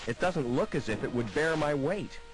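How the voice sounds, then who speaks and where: A man's voice: on the high side, animated, moderate pace, close to an everyday voice. An actor voicing a wry, determined male hero in an adventure game, with understated remarks. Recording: game audio with music behind.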